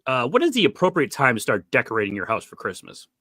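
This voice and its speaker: A man with a Boston accent in a mid-range voice that rings bright and forward, recorded dry and close. He runs a loose sports podcast, firing questions at his co-hosts and ribbing them with swear words. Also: mid-range voice, huge pitch swings, fast talker, no room sound. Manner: profane, teasing, quizzing co-hosts. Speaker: podcast host asking the questions. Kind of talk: casual sports chat.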